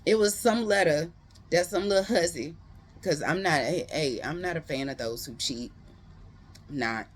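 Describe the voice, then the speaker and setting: A book reviewer giving a casual, animated retelling of a novel's plot, full of slangy asides to viewers. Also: medium pitch, a little slow. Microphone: close.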